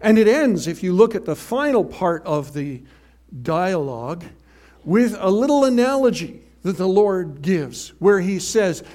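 A man preaching a sermon in an animated, emphatic way, swinging from loud to hushed. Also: high voice, a little slow.

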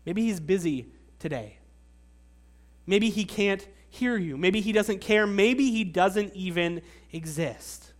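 A sarcastic male taunter sneers and scoffs in a high voice, as a preacher acts him out. His questions drip with mockery. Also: extremely slow, pauses often, pushed and bright, full character voice. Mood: sneering. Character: sneering male taunter mocking a foreign people's god.

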